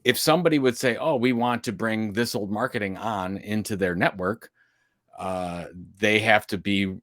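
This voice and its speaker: A man's voice: lowish voice, moderate pace, a bit bright, no echo. A man co-hosting a casual podcast, weighing in with dry, sarcastic banter. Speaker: podcast co-host.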